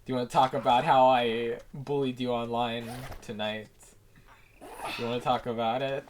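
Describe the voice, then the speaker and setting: A man's voice: mid-range voice, little pitch movement, normal speed, a little hiss or hum. A man co-commentating a game in a playful, teasing, sarcastic way. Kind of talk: casual let's-play commentary.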